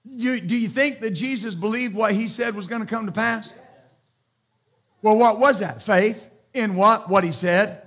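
A man with a notably high voice preaches a sermon from the pulpit. He drives his points home through repetition and sudden loud exclamations, with a firm, emphatic delivery. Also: measured pace. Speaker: pastor.

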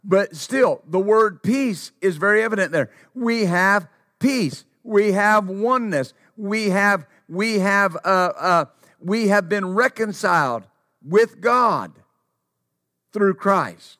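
A man's voice: sits high, animated, slow pace, pushed and bright, no echo, studio quality. A man preaching a sermon, repeating key phrases for emphasis and quoting scripture.

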